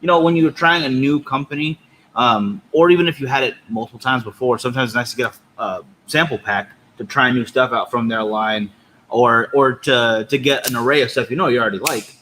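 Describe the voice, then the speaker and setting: Bright-voiced upbeat male podcast host. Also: mid-range voice, brisk, slight background noise, rough recording. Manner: upbeat, teasing. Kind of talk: casual chat.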